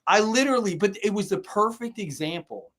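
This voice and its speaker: On a live-streamed talk show, a male co-host launches into a heated, profane rant, telling a story laced with mocking quotes. His voice is high-pitched and fairly bright, with lively intonation and a fairly quick pace, picked up by a remote or studio mic.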